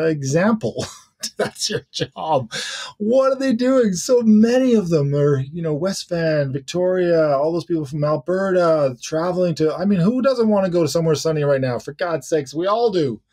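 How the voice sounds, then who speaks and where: A man co-hosts a current-events podcast, chatting casually and rambling with restarts and asides. His voice is fairly high, a little mellow and husky.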